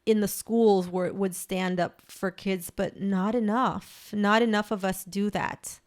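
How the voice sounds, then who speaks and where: A woman's voice: medium pitch, fairly even intonation, a little slow. A woman from Belize, a guest author, telling a personal story in earnest with many restarts. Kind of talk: conversational interview.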